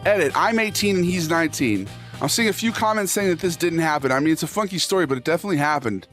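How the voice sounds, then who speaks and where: A man with a fairly high speaking voice hosts a casual livestream, reading posts aloud and reacting to them. He swears freely and jokes back at his chat. A clear instrumental beat plays under his talk throughout. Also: lively intonation, fast, a bit bright. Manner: profane, jokey, talks back to chat. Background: instrumental music playing under the talk.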